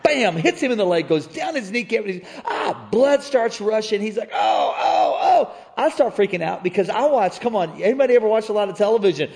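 A middle-aged man from Missouri preaching a sermon, telling a story with animated energy and calling out to the congregation. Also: sits high, fast talker, creaky, few pauses. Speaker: pastor. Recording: reverberant church hall.

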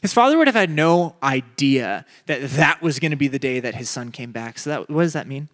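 A young adult man preaching a sermon, telling a funny personal story with big rises in his voice, then dropping low and soft for the message. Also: animated, a little fast.

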